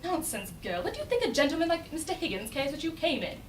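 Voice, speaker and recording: A woman's voice: high-pitched, big pitch swings, quick pace, slight background noise, voice pushed up. A woman playing a prim, fussy housekeeper. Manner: polite and fussy. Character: prim, deferential older female housekeeper. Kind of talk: recitation in a speech competition. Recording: echoey room from a distance.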